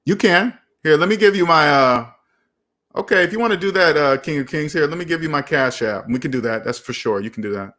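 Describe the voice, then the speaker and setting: A young man talks casually with his viewers, animated and repetitive in a preachy way. His voice sits somewhat high for a man. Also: a little fast. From United States. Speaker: finance channel host. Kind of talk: casual live chat.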